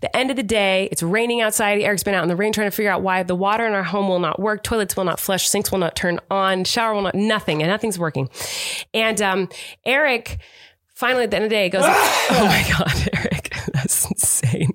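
A woman's voice: medium pitch, fast, fairly bright tone. A woman co-hosting a podcast, telling a family story in a rambling, affectionate, teasing way. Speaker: podcast co-host. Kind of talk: casual storytelling chat.

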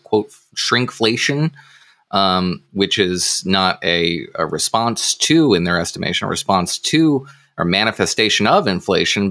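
A man on a podcast panel, speaking in a measured way with frequent filler pauses. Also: deep voice, a bit bright. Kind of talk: casual panel chat.

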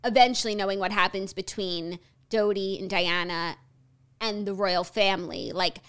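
A woman's voice: mid-range voice, moderate pace, a bit bright, clean tone. A young woman co-hosting a podcast, chatting in an effusive, reflective way and leaning heavily on "like". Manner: valley-girl filler talk, effusive and reflective. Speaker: podcast co-host. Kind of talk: casual chat.

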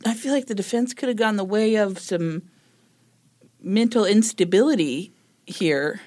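A woman co-hosting a casual true-crime chat, reacting with quick questions and asides. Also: medium pitch, a little mellow. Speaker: podcast co-host.

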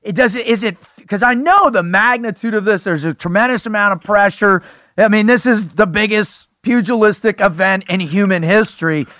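A man hosting a podcast, excitable and gushing, often restarting his sentences. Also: high voice, normal speed, dry recording, clean studio sound. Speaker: podcast host. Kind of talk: casual podcast conversation.

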